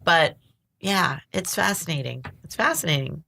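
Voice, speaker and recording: A woman's voice: deep voice, expressive, moderate pace, vocal fry, sharp tone. A woman co-hosting a podcast, chatting casually about poems with lots of fillers. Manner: chatty, lots of "like" and "you know". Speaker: podcast co-host.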